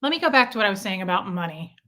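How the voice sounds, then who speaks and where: Bright-voiced woman venting on a livestream. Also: mid-range voice, very animated, rapid-fire. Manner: chatty, venting, repeats herself. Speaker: livestream host reading chat. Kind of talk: casual livestream chat.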